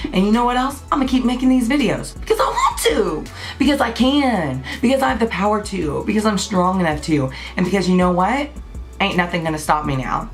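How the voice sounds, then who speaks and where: Twenties woman vlogger, lowish voice, ranting bluntly to camera over faint music. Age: 20s. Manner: blunt, passionate, swears freely. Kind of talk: unscripted birthday rant to camera.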